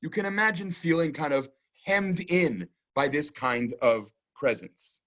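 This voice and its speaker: A man, lecturing as a rabbi on a psalm in a thoughtful, explanatory way, often pausing with "um" and checking in with "right?". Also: on the high side, lively intonation, a bit bright. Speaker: rabbi teaching a keynote lecture.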